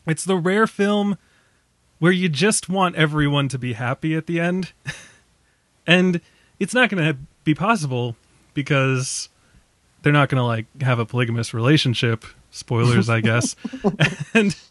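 A man's voice: fairly high pitch, lively intonation, measured pace, fairly bright tone, no echo. A young man co-hosting a film podcast in casual chat, enthusiastic and laughing often.

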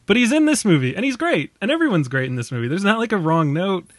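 A young man co-hosts a film podcast in casual chat, enthusiastic and quick to laugh. His voice sits a little high. The recording is dry and close. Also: very animated, no room sound.

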